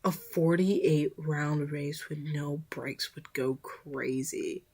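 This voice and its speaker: A woman reacting to a game trailer in casual, slangy commentary, excitable and quick to laugh and shout out. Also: low voice, husky.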